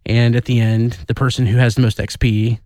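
A man's voice: mid-range voice, flat delivery, brisk, warm tone, no room sound, clean studio sound. A man talking in a casual podcast chat, hesitant, with many fillers.

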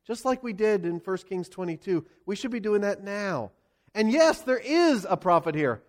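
Lively high-voiced male preacher. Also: normal speed. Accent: Pennsylvania. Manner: expressive storytelling preacher, rhetorical questions. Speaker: pastor. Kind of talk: sermon.

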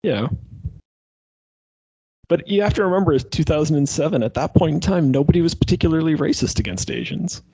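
A man's voice: a little high, a little fast, long pauses, dark tone, breathy edge, dry recording, dull audio. A man co-hosting a podcast, chatting casually about movies, joking and laughing as he rambles. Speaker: podcast co-host.

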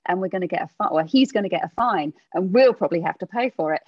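A woman's voice: lowish voice, animated, quick pace, slightly rough, no echo. Woman in her forties from England, rambling storyteller, dry dull recording. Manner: rambling storytelling with many fillers. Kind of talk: casual chat.

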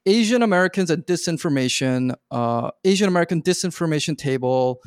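Higher-voiced man hosting a podcast. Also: animated, brisk, clear, resonant tone, no echo, studio quality. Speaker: podcast host. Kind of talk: casual chat.

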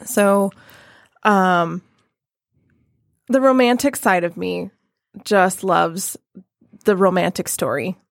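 Woman podcast co-host, lowish voice, loose rambly chat, dry close sound. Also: slow pace, vocal fry, long pauses, dry recording. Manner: rambling, many fillers and restarts. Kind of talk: casual chat.

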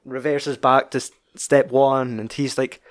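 A man's voice: medium pitch, flat delivery, measured pace. A young man with a Scottish accent chatting casually about a film, rambling and swearing freely.

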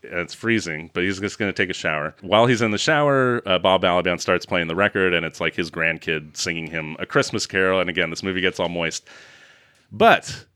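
A man co-hosting a casual movie review chat, sarcastic and animated, acting out scenes mockingly. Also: low voice, a little fast, clear, resonant tone, no room sound, clean studio sound. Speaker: podcast co-host.

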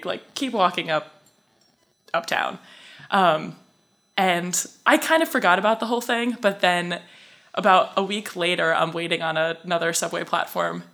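A woman guest on a podcast, telling a story in a casual way, full of "like" fillers, acting out both sides of the talk. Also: lowish voice. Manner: animated, acts out both sides with many "like" fillers.

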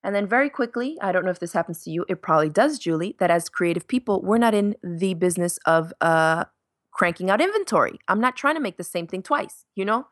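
A woman's voice: lowish voice, lively intonation, a little fast, dry recording. A woman in her thirties, a guest on a podcast, chatting casually and acting out quotes as she tells stories. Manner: chatty storyteller, acts out quotes with laughs. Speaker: podcast guest, sewing YouTuber. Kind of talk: casual interview chat.

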